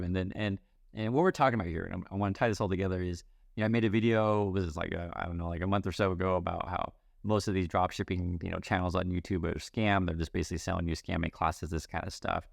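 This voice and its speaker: A man's voice: low-pitched, steady tone, fast, vocal fry, no echo, studio quality. A middle-aged man hosting casual news commentary, chatty and wry, with many fillers and restarts.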